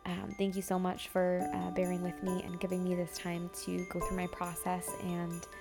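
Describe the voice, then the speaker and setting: Young woman podcaster, low kinda flat voice, rambly and heartfelt, lots of ums. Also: moderate pace, gravelly, over loud music. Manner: heartfelt, rambling, with many fillers. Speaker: podcast host. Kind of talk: casual solo podcast update.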